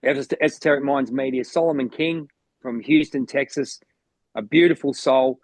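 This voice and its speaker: An Australian man who co-hosts a podcast as a motivational coach keeps things casual, talking with energy, drifting off topic and restarting lines a lot. His voice is mid-range and fairly even, at a normal speed, with no echo.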